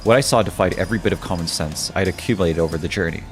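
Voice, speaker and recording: A man streaming a game, reading its story text aloud in a hushed, low-key voice with musing asides. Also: very fast, soft background music.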